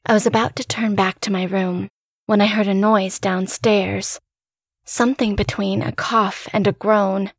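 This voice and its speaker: Slow, dramatic woman narrator. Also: medium pitch, level tone, husky, dry recording, studio quality. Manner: tense, dramatic first-person delivery. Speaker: narrator and host. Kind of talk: scripted horror story narration.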